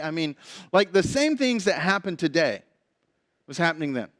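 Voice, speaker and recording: A male pastor preaching a sermon in a conversational, storytelling way. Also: high-pitched.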